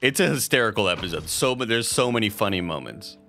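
A man's voice: on the low side, animated, fast, a bit bright, faint music behind. A man streaming a video game, chatting casually to his viewers, swearing freely and laughing often. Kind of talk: casual gameplay commentary.

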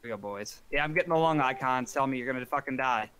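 A man's voice: mid-range voice, fast talker, fairly bright tone, clear, resonant tone. A man co-playing on a game stream, chatting casually with a wry, wordy way of putting things. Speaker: gaming stream co-player.

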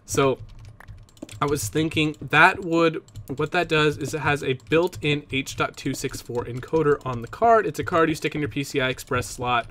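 A man's voice: medium pitch, bright, forceful tone, slight background noise. A young man chatting casually to his viewers about computer gear, rambling and interrupting himself as he goes. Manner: rambling, self-interrupting, talks to viewers directly. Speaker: Minecraft let's play YouTuber. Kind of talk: casual vlog chat about PC hardware.

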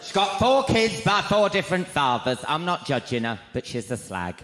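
A man doing a gossipy, camp stand-up routine, his voice jumping to high shrieks. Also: big pitch swings, moderate pace, very noisy. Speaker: stand-up comedian. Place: large arena before a live crowd. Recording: echoey arena, loud crowd laughter. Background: audience laughter.

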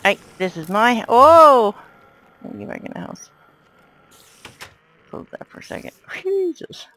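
A woman giving let's play commentary, yelling at enemies and muttering to herself. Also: fairly high pitch, sing-song, moderate pace, rough recording. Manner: exclaims and yells at enemies, then mutters to herself. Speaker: gamer.

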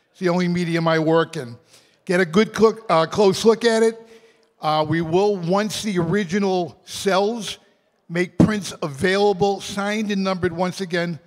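A man's voice: high voice, in a large hall. A man, the artist, chatting and joking as he talks about his artwork at a charity auction. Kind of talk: speaking at an event.

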